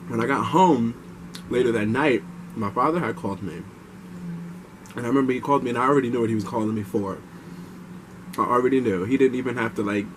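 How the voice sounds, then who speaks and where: A man's voice: mid-range voice, noisy background. Chatty young man telling a personal story. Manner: chatty, animated, advising viewers directly. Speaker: vlogger.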